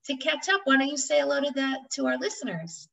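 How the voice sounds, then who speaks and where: A woman's voice: high voice, animated, fast talker, vocal fry, a bit bright, far from the mic, rough recording. A woman hosting a podcast as a matchmaker, gushing and enthusiastic.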